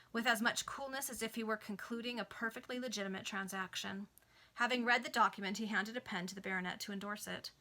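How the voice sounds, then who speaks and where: A woman reads a novel aloud to her friends over a video call. She narrates plainly and casually in a bright voice, with no performance polish. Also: medium pitch, creaky. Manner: plain narration with offhand asides. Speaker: reader.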